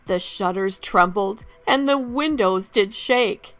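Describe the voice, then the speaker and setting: Slow, expressive woman reading a kids' book. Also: mid-range voice, dry recording, soft background music. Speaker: storybook reader. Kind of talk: children's read-aloud narration.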